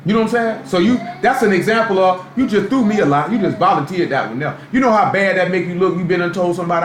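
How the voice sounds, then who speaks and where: High-voiced man preaching in an echoey room. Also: racing, hardly any pauses. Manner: conversational street-style preaching, frequent rhetorical questions. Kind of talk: live sermon. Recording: echoey room, faint background noise, live stream.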